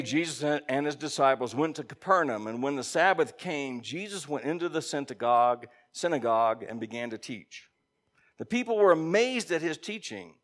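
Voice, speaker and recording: A man preaching a sermon and reading scripture, with emphatic stresses, sudden quiet drops and conversational asides to his congregation. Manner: emphatic, swinging between loud stresses and low quiet drops. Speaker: pastor.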